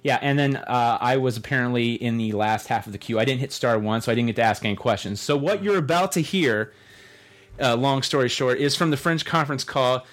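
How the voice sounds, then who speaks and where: A man tells a story on his podcast in a loose, chatty way. He rambles and swears now and then. His voice sits at an ordinary middle pitch. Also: a little fast. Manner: rambling, animated retelling with swearing. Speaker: podcast host. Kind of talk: casual storytelling chat.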